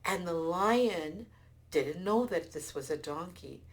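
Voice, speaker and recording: A woman telling a folktale aloud, expressive with small restarts. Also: on the low side, takes it slowly. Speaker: storyteller. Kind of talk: folktale storytelling.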